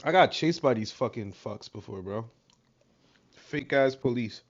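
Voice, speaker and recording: A man's voice: mid-range voice, a little slow, highs cut off. A man from Brooklyn with a New York accent, a streamer telling a story to his chat in a casual, profane, streetwise way. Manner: profane and streetwise, gets loud and animated retelling events. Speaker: livestream host.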